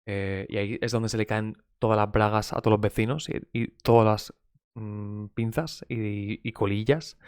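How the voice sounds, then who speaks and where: A man's voice: fairly low pitch, steady tone, moderate pace, a little mellow, clear, resonant tone, no echo, clean studio sound. A man from Spain with a Spanish accent whose first language is Spanish. He teaches an English lesson in a chatty, gossipy way, swears, and mixes in Spanish. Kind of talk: casual live-stream English lesson.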